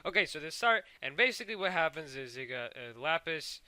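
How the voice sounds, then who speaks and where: A man tossing off a loose, swear-heavy recap, stumbling over fillers and throwing in sound effects. His voice is bright and cutting, pitched a little high for a man. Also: sing-song, fairly quick, slight background noise. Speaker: show recapper. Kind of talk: casual cartoon episode recap.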